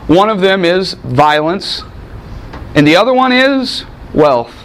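Male pastor, sermon, high voice, very lively pitch, loud-to-hushed swings, acts out quotes. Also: slow.

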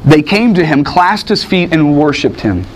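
A man preaching a sermon, dramatic, swinging from loud bursts to hushed lines and acting out quotes in voices. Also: fairly high pitch, very animated, normal speed, a little hiss or hum. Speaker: pastor.

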